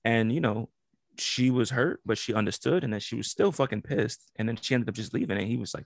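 A man telling a story in casual podcast chat, animated and laughing, acting out the quotes. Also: mid-range voice, quick pace, gravelly, dry recording, studio quality.

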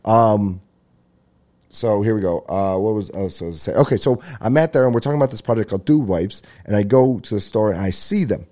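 Low, mellow-voiced rambling comedian man. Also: brisk. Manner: rambling, jokey, swears, laughs at own bits. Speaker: podcast host. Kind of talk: casual comedic monologue.

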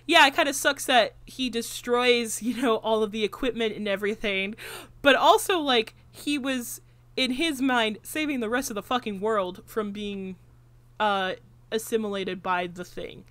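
A woman's voice: fairly high pitch, normal speed, no echo. A woman hosting a podcast in casual chat, rambling through a film's scenes with constant fillers and frequent swearing. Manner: animated retelling of film scenes. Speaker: podcast host.

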